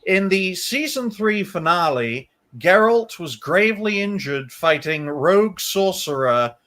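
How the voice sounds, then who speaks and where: A man co-hosting a casual livestream panel over a video call, teasing the others and reading text aloud haltingly. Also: high voice, animated, a bit bright. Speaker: co-host.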